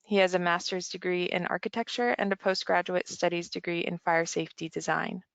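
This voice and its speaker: Gravelly woman reading webinar logistics. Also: on the low side, steady tone, a little fast, a bit bright, no room sound, highs cut off. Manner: reads from a script, businesslike. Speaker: event manager and moderator. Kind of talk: scripted webinar introduction.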